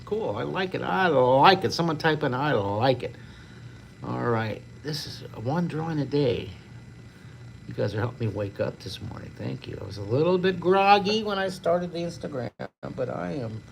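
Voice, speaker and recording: A man's voice: a little high, lively intonation, normal speed, gravelly, a little hiss or hum. An older man leading a live-streamed drawing lesson, upbeat, chatty and encouraging to his viewers. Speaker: drawing teacher.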